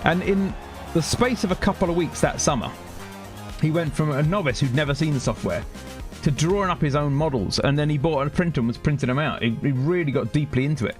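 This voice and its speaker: Brief: male gaming streamer, forties, easygoing chat, slightly raised pitch. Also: fairly quick, faint music behind. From United Kingdom. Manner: chatty, chats with viewers between outbursts at the game. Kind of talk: casual chat while livestreaming a shooter.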